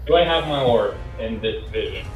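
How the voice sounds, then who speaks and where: A man with a slightly low voice plays a tabletop game over a video call, asking quick, unsure questions. The sound is roomy, with faint music behind him. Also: animated. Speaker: player. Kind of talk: casual tabletop game chat.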